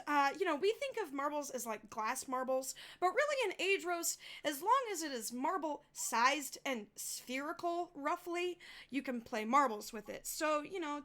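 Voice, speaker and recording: A woman's voice: sits high, sharp tone. A woman running a tabletop game, narrating in a chatty way with many fillers. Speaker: game master.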